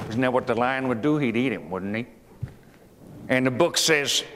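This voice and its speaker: A historical reenactor playing a 19th-century president performs as a folksy storyteller, reading a fable aloud in an echoey hall with faint ambient noise. His mid-range, slightly bright voice keeps a measured pace, and he digresses with homespun asides and questions for his listeners.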